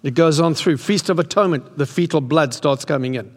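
A man's voice: on the high side, a little fast. A man in his sixties preaching an impassioned sermon in a church hall. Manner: impassioned, rising to excited peaks. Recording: long hall reverb.

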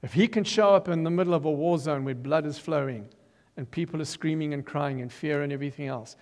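An older man giving a testimony sermon as an animated storyteller who acts out quotes and breaks into loud emphasis. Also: on the high side, a little fast. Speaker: preacher giving his testimony. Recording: long reverb of a large hall.

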